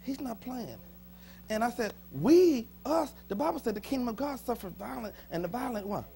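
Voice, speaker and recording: A man preaching a sermon as pastor, folksy and joking with the congregation, swinging between soft asides and sudden shouts. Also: extremely high pitch, lively intonation, normal speed, vocal fry. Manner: folksy, humorous, talks to the congregation. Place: church sanctuary.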